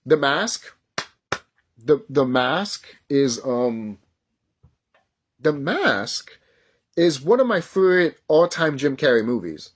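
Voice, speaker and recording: A man in his thirties talking casually in a vlog, excitable and rambling, swearing often and stumbling over his words when he gets worked up. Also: fairly high pitch, slow, long pauses, breathy edge. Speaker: YouTuber. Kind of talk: casual nostalgic vlog talk.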